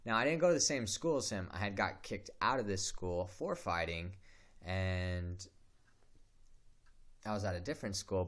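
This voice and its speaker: A young man telling a story from his teens in a casual, profane, animated way, acting out the quotes. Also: low voice. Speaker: streamer. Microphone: home streaming mic.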